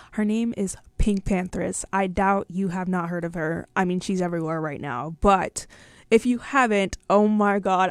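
A woman's voice: mid-range voice, dry recording. Young woman, radio host, casual bubbly chat, filler-heavy, dry close studio sound. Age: young adult. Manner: bubbly, rambling, lots of fillers.

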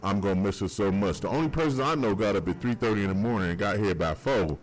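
Deep-voiced man giving an on-air tribute. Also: expressive, fast talker. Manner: tearful yet laughing while reminiscing. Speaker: radio host.

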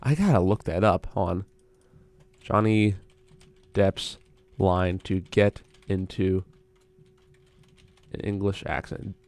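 A man's voice: deep voice, takes it slowly, long pauses, darkish tone, dry recording. Rambling young man hosting campus radio. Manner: rambling, self-interrupting, chatty. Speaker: college radio host. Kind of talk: casual solo radio chat. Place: small radio studio.

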